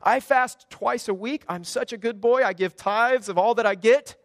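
A man's voice: extremely high pitch, moderate pace, no echo, studio quality, voice pushed up. A man voicing a self-righteous Pharisee who boasts in prayer, self-satisfied and showy. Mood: smug. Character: smug self-righteous Pharisee praying aloud.

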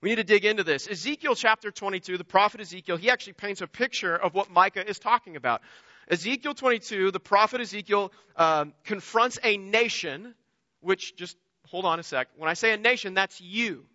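A man's voice: high voice, fairly quick, sharp tone, no room sound, highs cut off. A man preaching a sermon in an earnest, emphatic way, often repeating himself. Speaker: pastor.

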